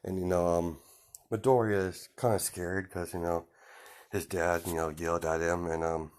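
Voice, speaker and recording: Brief: low-voiced man telling an improvised fan tale, loose and meandering. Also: flat delivery, moderate pace, darkish tone. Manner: rambling, lots of fillers. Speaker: fan story narrator. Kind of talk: improvised storytelling.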